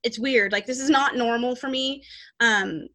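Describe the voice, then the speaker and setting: A woman who hosts a podcast and works as a psychic reader chats casually about her life and readings, rambling and often restarting. Her voice is on the high side, bright and forceful, and she takes her time.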